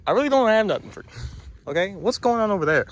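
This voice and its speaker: Chatty man filming outdoors, lively voice. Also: high-pitched, quick pace. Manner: chatty, talks to the animals, teasing. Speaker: vlogger. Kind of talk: casual vlog chat while walking. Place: outdoors at a farm or petting zoo.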